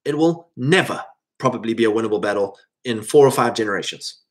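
A man's voice: fairly low pitch, expressive, fairly quick. A man hosting a podcast, talking casually to his audience and reading live chat, with frequent restarts and mocking quoted voices.

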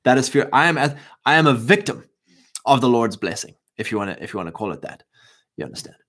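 A man's voice: medium pitch, very animated, fast talker, a bit bright. A South African man hosting a livestream in a fervent, rambling, preachy monologue, with many restarts and a lingering cough. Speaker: livestream host.

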